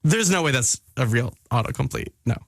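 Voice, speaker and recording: A young American man in his twenties hosts a lively radio show from a studio, giggly and playful with animated swings in delivery. His mid-range voice has vocal fry and moves a little fast, picked up by a studio microphone with no echo.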